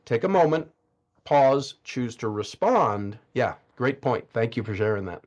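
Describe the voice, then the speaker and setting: Male guest coach, middle pitch, emphatic, pauses for effect. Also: animated, muffled recording. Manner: emphatic, dramatic pauses, asks rhetorical questions. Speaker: podcast guest speaker. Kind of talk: motivational coaching talk.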